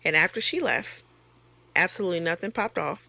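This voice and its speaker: Woman, nurse, casual vlog monologue; gravelly fry, frank and chatty. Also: fairly low pitch, brisk, bright, forceful tone. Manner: frank and conversational, rising sharply when retelling exchanges. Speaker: nurse and online course creator.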